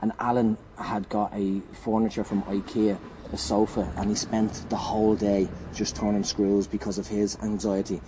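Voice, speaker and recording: A man's voice: lowish voice, little pitch movement, moderate pace, background noise. A man telling a comic anecdote as a podcast guest, laughing, swearing and acting out what people said. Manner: laughing, swearing storyteller who acts out quotes.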